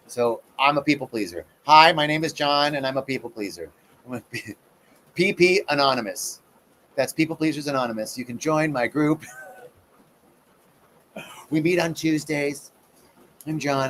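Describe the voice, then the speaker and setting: A middle-aged spiritual practitioner gives a casual, live-streamed talk on personal growth, teaching conversationally and acting out the voices in his own stories. His voice is a little high, with a bit of hiss or hum in the audio.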